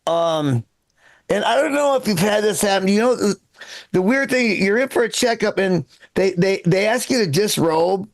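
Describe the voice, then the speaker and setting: A man's voice: high voice, expressive, normal speed, creaky. An older man performing a stand-up set, self-deprecating and rambling, often restarting his sentences. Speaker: stand-up comedian.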